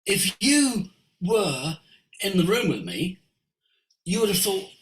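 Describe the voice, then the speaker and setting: A man's voice: high-pitched, takes it slowly. A man, a voice coach, giving a passionate, preachy teaching talk over a video call. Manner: animated and preachy, sweeping emphasis. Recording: roomy echo.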